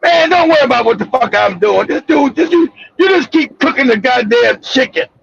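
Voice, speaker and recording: A man's voice: extremely high pitch, expressive, fairly quick, gravelly, fairly bright tone, a little hiss or hum, exaggerated voice. A man voicing a surly, dismissive young coworker who brushes off complaints with profanity. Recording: dull lo-fi recording.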